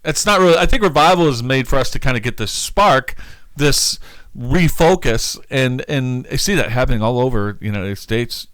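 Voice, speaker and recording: A man's voice: medium pitch, animated, normal speed, fairly bright tone, clear, resonant tone, no room sound. A man, a pastor co-hosting a church talk show, chatting casually and enthusiastically and laughing easily. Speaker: pastor and co-host.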